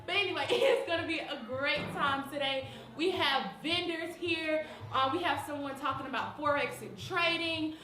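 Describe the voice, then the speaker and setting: A bright-voiced woman hosts a church event livestream. She greets arrivals with excited, sing-song calls. Her voice rings in an echoey room. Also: high voice, normal speed, few pauses, faint music behind. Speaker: event host. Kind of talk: lively livestream hosting. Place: busy church event venue.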